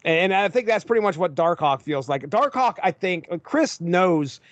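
A man in a casual podcast chat, animated and fond of doing comic voices for characters. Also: high-pitched, normal speed, dry recording. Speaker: podcast panelist. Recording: dry, dull lo-fi mic.

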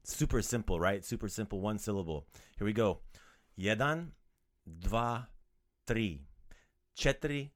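Low-ish guy teaching numbers on a podcast, jokey, says words slow so you can repeat. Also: animated. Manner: upbeat, jokey, repeats words slowly for learners. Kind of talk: playful casual language lesson.

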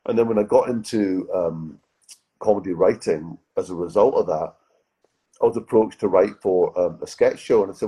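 A man's voice: deep voice, fairly quick, dark tone, husky, poor audio. A middle-aged man chatting as a podcast guest, telling rambling anecdotes full of restarts. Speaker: guest, comedy writer and actor. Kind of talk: casual podcast interview.

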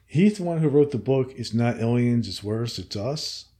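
A man's voice: medium pitch, lively intonation, moderate pace, warm tone. A man hosting a podcast in casual chat, offhand and jokingly boastful. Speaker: podcast host.

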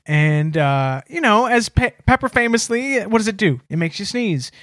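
A man's voice: high voice, lively intonation, normal speed, fairly bright tone, dry recording, clean studio sound. A man co-hosting a comedy podcast, telling stories with mock-prim hesitation and many fillers. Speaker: podcast co-host. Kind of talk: casual comedic banter.

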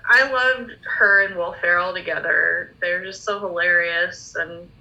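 A woman's voice: lowish voice, steady tone, unhurried, sharp tone, highs cut off. A woman co-hosting a podcast in casual chat, reminiscing with enthusiasm. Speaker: podcast co-host.

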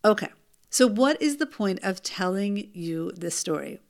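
An adult woman recounts a personal story as a mother, speaking straight to her listener. Her telling is animated and emphatic, with rhetorical asides along the way. Her voice sits at an ordinary middle pitch for a woman. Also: unhurried, gravelly. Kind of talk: first-person storytelling monologue.

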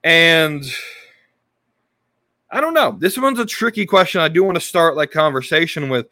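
A man's voice: fairly high pitch, animated, normal speed, pushed and bright, dry recording. A man hosting a casual podcast, talking in a loose, rambling way with many restarts and fillers. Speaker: podcast host. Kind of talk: casual wrestling podcast talk.

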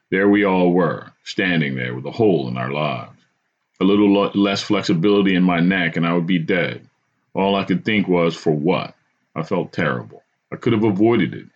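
A man hosting a podcast, telling a true story from his own life in a dramatic first-person style. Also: sits low. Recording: dull lo-fi recording.

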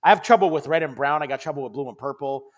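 A man chatting on a podcast, loose and easygoing, telling stories full of swearing and laughter. His voice sits a little higher than most men's. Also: racing. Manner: laid-back storyteller, swears freely, laughs often. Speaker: co-host. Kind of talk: casual podcast chat.

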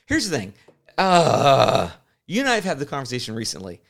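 Rambling, chatty podcast dad. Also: male voice, mid-range voice, huge pitch swings, moderate pace, gravelly, fairly bright tone. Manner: rambling, self-interrupting, laughs easily. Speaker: podcast co-host. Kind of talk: casual chat.

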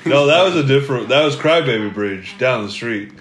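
Lively young man in an echoey room. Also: medium pitch, brisk. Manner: laughing storyteller, lively swings. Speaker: podcast cohost. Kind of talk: casual chat.

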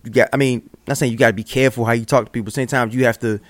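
A man's voice: mid-range voice, fairly even intonation, very fast, no echo. A man co-hosting a podcast in casual chat, arguing his point earnestly with frequent restarts. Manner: earnest, argues with repeated stumbles. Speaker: podcast co-host.

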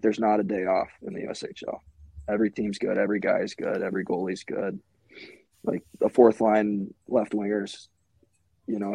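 A man's voice: lowish voice, gravelly, dark tone, husky, no room sound. A young man from Minnesota, a hockey goalie, talking in a laid-back casual way as a podcast guest, full of "like" and "you know". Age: young adult.

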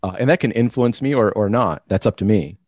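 Low-voiced man explaining in a dry recording. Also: lively intonation, fairly quick, a little mellow, no room sound. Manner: reflective, explanatory, frequent restarts. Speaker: guest. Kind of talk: conversational interview.

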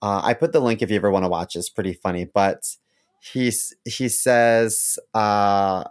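A man's voice: fairly low pitch, moderate pace, clear, resonant tone. A man co-hosting a podcast, telling rambling, wry stories in casual chat. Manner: wry, rambling storytelling with a lively lilt. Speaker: podcast co-host.

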